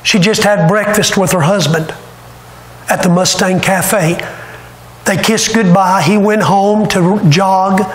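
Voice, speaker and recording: A pastor preaching a sermon, retelling a story dramatically and with emotion. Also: male voice, high-pitched, steady tone, slow pace, reverberant, low-quality recording. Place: church sanctuary.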